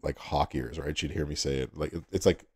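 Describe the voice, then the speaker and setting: A man's voice: a bass voice, steady tone, a little fast, dark tone, breathy edge. A man with a Southern US accent hosting a livestream, chatting casually with viewers and laughing often. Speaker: livestream host.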